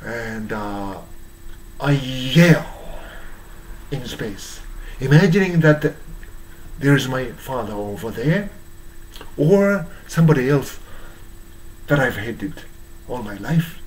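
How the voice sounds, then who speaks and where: A man with a Japanese accent, hoarse from strain, giving a halting monologue full of fillers and restarts. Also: medium pitch, big pitch swings, poor audio. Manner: halting, many fillers and restarts, searching for English words. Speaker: YouTuber. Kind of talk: slow rambling monologue.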